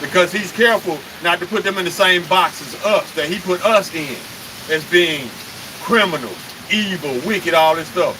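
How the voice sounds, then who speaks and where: A man's voice: sits high, moderate pace, background noise. A man preaching on a live stream, emphatic and confrontational, firing off rhetorical questions and cursing.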